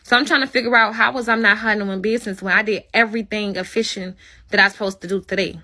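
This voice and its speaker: A woman with a medium-pitched, steady, bright voice talks fast and forcefully. She's hosting her own livestream and ranting angrily at her viewers, blunt, confrontational and swearing heavily.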